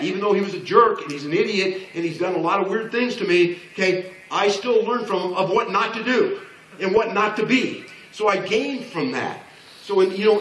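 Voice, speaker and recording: A man's voice: high-pitched, fairly bright tone. A man in his sixties giving a blunt, joking motivational business talk to an audience, acting out the voices he quotes. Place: large hall before an audience. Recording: echoey hall, speaker far from mic.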